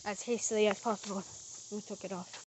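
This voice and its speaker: A woman's voice: mid-range voice, fairly even intonation, fairly quick, darkish tone, a little hiss or hum. A woman narrating a mystery reveal, theatrically accusing the culprit as she retraces the crime step by step.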